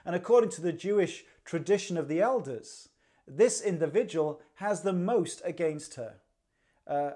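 A man's voice: on the high side, dark tone. Man preaching a conversational sermon. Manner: conversational, rhetorical questions, dry humor. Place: church livestream.

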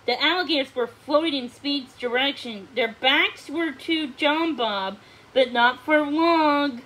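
Slow, high-voiced woman reading a storybook. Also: a bit bright, low-quality recording. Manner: slow, careful reading with small restarts. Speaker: storybook reader. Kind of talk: children's read-along narration.

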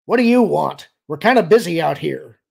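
Audiobook: a man doing a brash male pilot, impatient, growling, gravelly, husky. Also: fairly high pitch, lively intonation, normal speed, voice pushed up, exaggerated voice.

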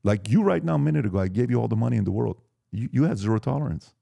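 A man in his forties, a podcast guest, talking emphatically and telling lively stories in casual conversation. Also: mid-range voice, racing, gravelly.

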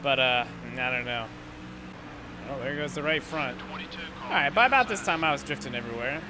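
A young man giving casual, rambling gameplay commentary, sarcastic and quick to swear when frustrated. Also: medium pitch, lively intonation. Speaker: gaming YouTuber. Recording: loud engine noise behind voice. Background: game engine noise.

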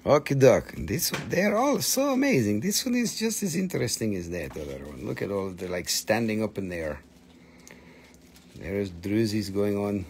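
A man hosting a live sales stream, talking with excited, animated patter as he shows and prices each item. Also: lowish voice, normal speed, a little hiss or hum.

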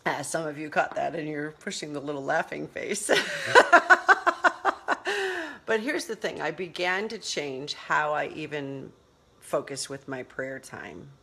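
A middle-aged woman giving motivational talk in a casual live stream, animated and laughing, walking through her morning routine with a phone in hand. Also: deep voice, unhurried, gravelly, pauses often, husky. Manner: animated, laughing, acts out quotes dramatically. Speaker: motivational vlogger.

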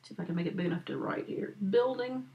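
A woman's voice: mid-range voice, creaky, highs cut off. Patient woman teaching accounting. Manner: patient, talks slowly for note-takers; checks in with frequent "right?" and "okay?". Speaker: accounting instructor. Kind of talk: screen-recorded lecture walkthrough.

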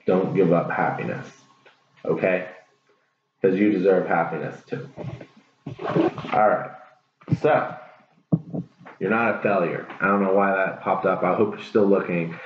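A man's voice: deep voice, unhurried, pauses often, noisy background. A man giving a casual tarot reading to his viewers, earnest, encouraging and rambling. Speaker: tarot reader. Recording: echoey room, dull lo-fi sound.

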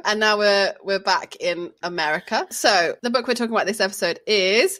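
A woman's voice: mid-range voice, normal speed, few pauses, a bit bright. Casting note: woman, podcast co-host, mid-range voice, playful, laughs easily. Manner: playful, laughing, introduces the topic. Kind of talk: casual chat.

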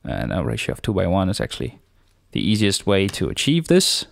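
A man hosting a screencast software tutorial, explaining each step in a relaxed, unscripted way with small fillers. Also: sits low, fairly quick, gravelly, no room sound, studio quality.

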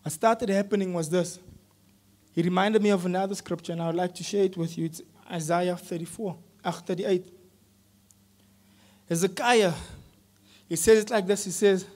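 A man with a high-pitched voice preaches a sermon in a church, talking casually with slang. He swings from quiet scripture reading to loud, urgent pleading.

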